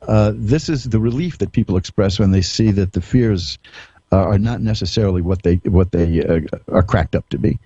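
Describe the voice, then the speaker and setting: A man's voice: low-pitched, moderate pace, dark tone, husky, no room sound, lo-fi sound. A man hosting a psychic radio show, telling folksy stories in a rambling way with chuckles and restarts. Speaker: psychic radio host and tarot reader. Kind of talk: radio monologue, anecdotal.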